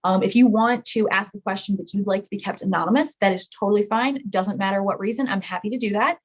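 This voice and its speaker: A woman's voice: mid-range voice, fast talker. A woman hosting a live online chat, talking casually with many fillers and self-deprecating asides. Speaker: webinar host.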